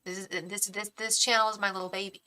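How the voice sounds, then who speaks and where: On a live tarot stream, a young woman talks earnestly and defensively to viewers, stammering, restarting, and calling them babe and honey; she's openly emotional, heart racing. Her mid-range voice is fast, flat in pitch, pushed, bright, and smooth, on a rough recording.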